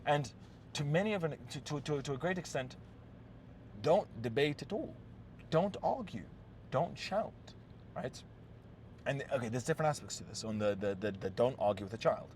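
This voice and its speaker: In an unscripted monologue, a man gives blunt, swear-heavy relationship advice, often checking in with "yes?" and restarting sentences and repeating words. His mid-range voice is expressive and a little mellow, at a moderate pace with long pauses and slight background noise.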